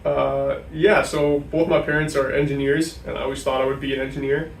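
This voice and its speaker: A man's voice: mid-range voice, flat delivery, a little fast, gravelly. A young man from New Hampshire, a guest talking casually in an interview and filling his sentences with "like". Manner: chatty, many "like" fillers. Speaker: guest, sports information director. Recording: echoey room, mic at a distance, faint noise.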